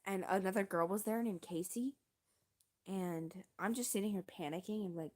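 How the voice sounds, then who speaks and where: Young woman streaming, rambling + slangy, laughs at herself, normal pitch. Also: moderate pace, a little mellow. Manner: rambling, self-deprecating, slangy. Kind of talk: casual storytelling.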